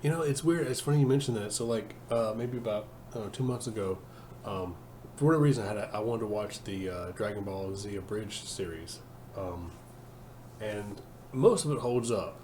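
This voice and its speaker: A man's voice: lowish voice, a little fast, a little mellow, a little hiss or hum. A man co-hosting a podcast in easygoing casual chat over a video call, laughing and joking often. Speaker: podcast co-host.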